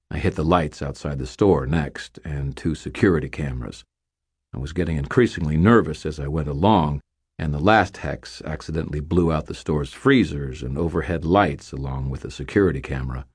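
Deep, husky male narrator, expressive, dry wit. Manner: dry, wry humor. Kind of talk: first-person audiobook narration.

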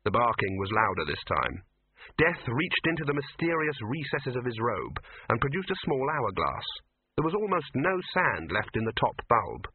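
A man narrating a story in an expressive, animated way. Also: medium pitch, normal speed, noisy background. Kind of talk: audiobook reading on radio. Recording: narrow phone-like radio sound, dry.

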